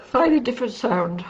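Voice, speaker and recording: A middle-aged woman giving a casual livestream tarot reading, chatty and affectionate, calling viewers darling. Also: mid-range voice. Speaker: tarot card reader. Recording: dull lo-fi recording with faint noise.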